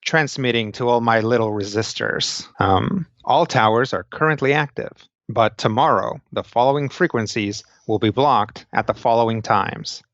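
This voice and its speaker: A man's voice: medium pitch, normal speed, hardly any pauses, a bit bright, no room sound. A man voicing a mysterious broadcaster heard through a tinny, distorted radio. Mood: conspiratorial.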